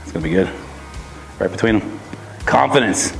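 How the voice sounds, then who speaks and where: A man's voice: sits low, lively intonation, normal speed, gravelly, a bit bright. A man hosting a casual chat while playing golf outdoors, joking around and giving golf advice. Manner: easygoing, jokey, gives golf advice. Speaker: host, golf interviewer. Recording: faint music under the talk.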